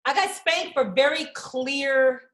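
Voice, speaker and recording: A woman's voice: sits high, takes it slowly, roomy sound. A woman, a comedian guest, telling funny stories in casual podcast chat and acting out voices. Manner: animated, acts out voices in stories.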